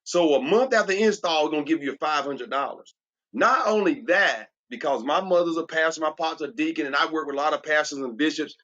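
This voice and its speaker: Man preaching a solar pitch, keeps saying watch this, dull lo-fi sound, slightly high voice. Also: brisk, a bit bright. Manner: preachy, emphatic, repeats "watch this". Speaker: transformational coach. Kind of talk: solar sales presentation.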